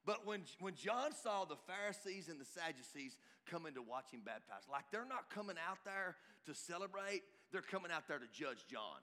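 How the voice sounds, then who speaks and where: A high-voiced man preaches a sermon in a bright, forceful tone. He builds emphatically and breaks into shouts at his peaks. His voice rings out with a long hall reverb. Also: lively intonation, normal speed, hardly any pauses. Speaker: pastor.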